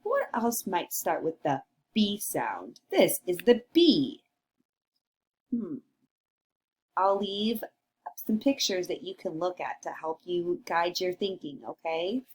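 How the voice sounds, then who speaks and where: A woman's voice: lowish voice, big pitch swings, slow pace, darkish tone. Sing-song woman teaching little kids. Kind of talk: read-along lesson for young children.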